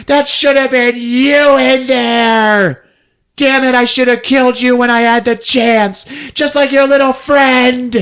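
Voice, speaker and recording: A man voicing a furious, grieving middle-aged small-town mother who yells vicious insults in a shrill voice. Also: fairly even intonation, measured pace, heavily acted. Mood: enraged. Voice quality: shrill, yelling.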